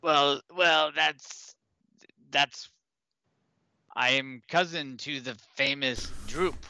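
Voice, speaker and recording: A man's voice: mid-range voice, sharp tone, clean tone, dry recording, heavily acted. A man voicing a timid, nervous male goblin who stammers through his lines. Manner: hesitant, stammering, with halting restarts. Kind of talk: tabletop role-play character voice.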